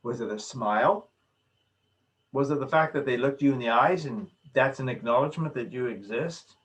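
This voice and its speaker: A man's voice: medium pitch, normal speed. A man lecturing in a recorded video session, emphatic, repeating his key phrases and acting out small examples. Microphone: video call.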